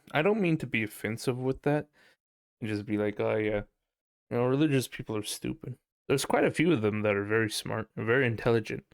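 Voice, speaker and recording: Gravelly-voiced man ranting on a podcast. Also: mid-range voice, no echo, studio quality. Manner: profane, animated ranting with frequent laughs. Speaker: podcast host. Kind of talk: casual ranting chat.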